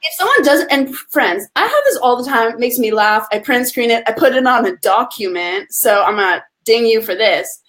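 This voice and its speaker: A woman in her thirties, a business coach talking in a lively, casual way, laughing often and acting out other people's lines. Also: fairly high pitch, normal speed, few pauses. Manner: animated, laughing, swears casually, acts out quotes. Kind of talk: casual live-stream interview.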